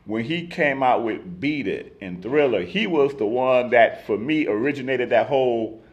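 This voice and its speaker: A man's voice: medium pitch, lively intonation, normal speed, lo-fi sound. A man in ministry leading a casual Bible study, talking earnestly with emphatic restarts and reading scripture aloud. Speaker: ministry teacher.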